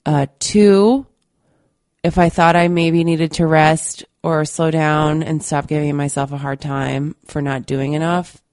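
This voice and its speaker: A woman with a low voice hosts a podcast, speaking candidly and earnestly to her listeners. She still sounds a little stuffy from a recent cold. The recording is dry and close. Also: steady tone, measured pace, darkish tone, no room sound. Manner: candid and earnest, with many fillers. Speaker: podcast host. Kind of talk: casual monologue to listeners.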